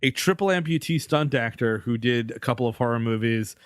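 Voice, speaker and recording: A man's voice: medium pitch, fairly quick, no room sound, clean studio sound. A middle-aged man co-hosting a comedy movie-review podcast, joking in casual chat and laughing often. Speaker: podcast co-host.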